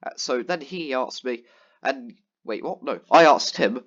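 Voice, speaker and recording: Over gameplay, this vlogger rambles through an exasperated tale about a friend he games with, filling it with ums and false starts. He speaks unhurriedly in a mid-range, fairly bright voice, and the audio is dull.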